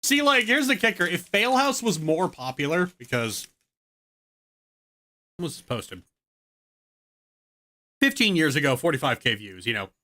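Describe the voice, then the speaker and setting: A man's voice: fairly high pitch, big pitch swings, a little slow, pauses often, pushed and bright. A man casually commenting on an old video, rambling and laid-back, with swearing. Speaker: streamer.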